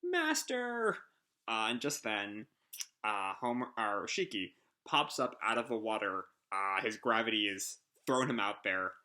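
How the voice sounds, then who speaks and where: A man's voice: fairly low pitch, normal speed, sharp tone. A man casually reading a manga chapter aloud and commenting, rambling with many ums and uhs, swearing freely and laughing along. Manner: laughs through his commentary. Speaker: manga reaction host.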